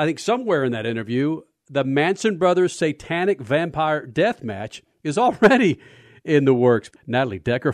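A man's voice: mid-range voice, no echo, clean studio sound. A man hosting a radio talk show, brash and upbeat, reading promos and slangy plugs.

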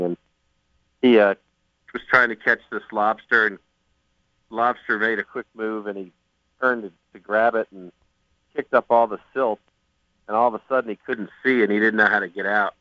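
A man's voice: lowish voice, pushed and bright, no echo, highs cut off. A man on a golf broadcast, casually chatting and telling rambling stories with jokes. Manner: rambling storyteller, joking.

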